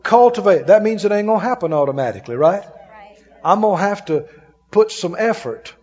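High-voiced, folksy male preacher. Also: expressive, fairly quick, darkish tone, husky, big-room sound, lo-fi sound. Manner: folksy, emphatic, laughing as he preaches. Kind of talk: sermon.

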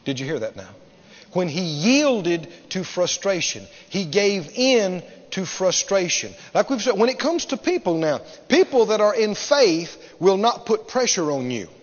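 A man preaching a sermon emphatically, repeating phrases and swinging from loud to hushed. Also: high-pitched, sing-song, unhurried. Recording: dull sound, long hall reverb.

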